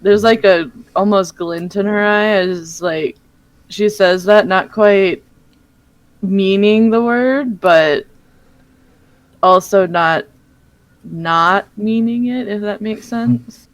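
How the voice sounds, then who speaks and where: A woman narrates what her character does at a tabletop game. She rambles and leans on fillers as she goes. Her voice sits at a middle pitch and sounds dry and close. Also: takes it slowly, long pauses, no room sound, low-quality recording. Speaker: player.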